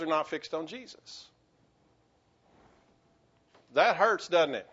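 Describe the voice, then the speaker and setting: A man preaching a sermon as a pastor, earnest, with frequent stammered restarts, rising to urgency and dropping to quiet, halting lows. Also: animated, breathy edge, muffled recording.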